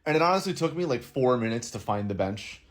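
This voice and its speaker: A man's voice: mid-range voice, lively intonation, fast. A man giving an explanatory video commentary, methodical and reasoning step by step. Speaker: online commentator.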